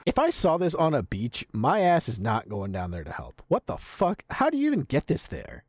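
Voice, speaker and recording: A man's voice: mid-range voice, wildly swooping pitch, moderate pace, dry recording. A man streaming live, reacting to videos with profane, incredulous commentary.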